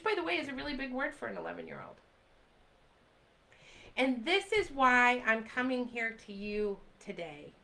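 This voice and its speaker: A woman in her forties making an impassioned live talk to her viewers, pleading and repeating lines to drive them home. Her voice sits a little high and rings bright and forceful. She breaks off now and then to answer comments from the chat. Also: low-quality recording. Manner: urgent, pleading, repeats phrases for emphasis. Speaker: livestream host. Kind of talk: impassioned direct-to-camera talk.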